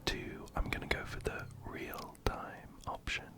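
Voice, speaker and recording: A man whispering gently up close into a binaural mic as an ASMR host chatting through a game. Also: unhurried. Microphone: binaural ear-to-ear mic.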